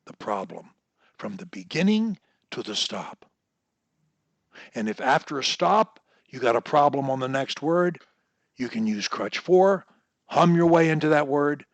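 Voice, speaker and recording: A man coaching one-on-one over a video call, explaining techniques in a deliberate, instructive way and drawing words out. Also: medium pitch, dry recording. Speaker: speech coach.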